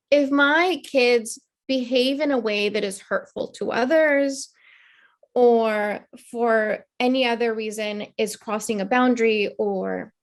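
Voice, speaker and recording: A woman in her thirties, a therapist and mother, talking earnestly and reflectively as a guest in a conversational interview. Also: on the high side. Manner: earnest, reflective, acts out children's voices in quotes.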